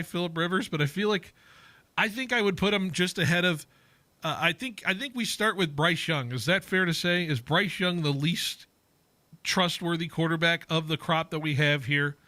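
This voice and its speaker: A man hosting sports radio with a bright, forward tone and a slightly high pitch. He chats casually and rambles, cutting himself off mid-thought, and the studio sound is dry and close. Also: moderate pace, no room sound. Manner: chatty, rambling, self-interrupting.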